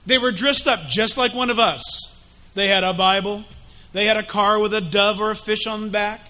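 A man preaching an animated, emphatic sermon with dramatic delivery. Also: high voice, normal speed.

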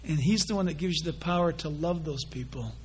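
A male pastor preaching with a high, light voice. He moves between plain teaching and playful impressions of gossipers and showy prayers, always driving his point home. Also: a little fast, husky. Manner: animated, mimics gossips and pray-ers in quoted voices. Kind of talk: sermon.

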